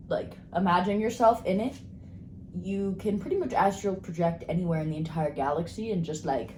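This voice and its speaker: A woman giving a casual tarot card reading, bubbly and rambling as she talks excitedly. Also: fairly low pitch, roomy sound, a little hiss or hum. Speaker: tarot reader.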